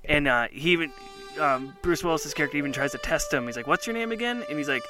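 Excited guy chatting on a podcast, bright voice, some music underneath. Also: mid-range voice, fast. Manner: enthusiastic, rambling, many fillers. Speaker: podcast co-host. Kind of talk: casual chat.

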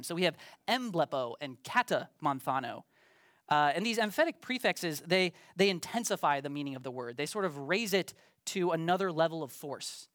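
A man's voice: high-pitched, a bit bright, no echo, studio quality. A man preaching a sermon to a congregation in a conversational, self-deprecating way, with frequent ums and restarts. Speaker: pastor.

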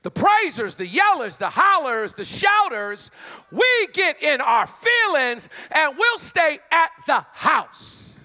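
A male preacher delivering a sermon, conversational and emphatic, hollering at peaks and dropping into quick asides. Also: extremely high pitch, very animated, sharp tone.

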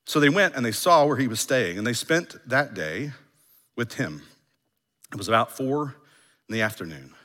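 Male pastor, lively and bright-toned, preaching in a reverberant sanctuary. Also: medium pitch, moderate pace, pauses often. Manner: animated, acts out quoted lines. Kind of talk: sermon.

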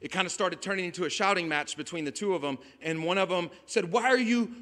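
High bright-voiced guy preaching a sermon, chatty then shouting, long reverb on it. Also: quick pace. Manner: conversational preaching, rising to emphatic shouts. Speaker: pastor. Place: outdoors at a beach gathering.

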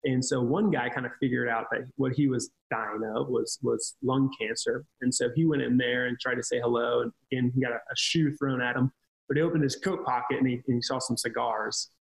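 A man's voice: medium pitch, steady tone, a little fast, gravelly, low-quality recording. A man talking casually on a podcast, telling earnest stories about ministry with frequent restarts. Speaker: ministry leader.

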